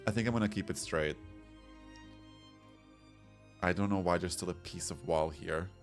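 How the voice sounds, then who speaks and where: A man's voice: sits low, moderate pace. A man streaming a game, chatting casually and rambling as he reads chat comments aloud. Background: soft background music.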